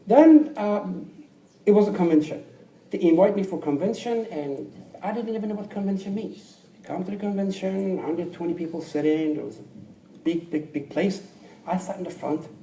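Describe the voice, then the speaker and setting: Un hombre con acento extranjero cuenta su historia en una sala amplia. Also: male voice, sits high, normal speed. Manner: animated, acts out quoted people, drops to near whispers. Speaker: speaker telling his life story. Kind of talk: storytelling talk to an audience. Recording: roomy, distant mic with faint background noise.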